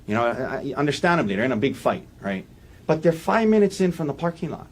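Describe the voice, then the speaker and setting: A man giving a defense opening statement in a courtroom, walking the jury through events in an earnest, halting way with frequent restarts. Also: on the high side, big pitch swings. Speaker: defense attorney.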